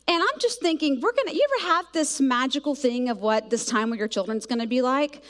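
A middle-aged woman preaching with a high, bright voice. She tells her stories with animation, slipping into the voices of herself and her children as she goes. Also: a little fast, few pauses. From South Georgia, US. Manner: animated storytelling, acts out voices of herself and kids. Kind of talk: sermon with personal stories.

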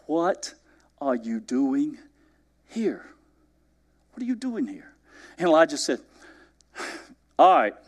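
Male preacher, sermon, lively storytelling, acts out dialogue, asks the congregation questions. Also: a little high. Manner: animated storytelling, acting out biblical dialogue.

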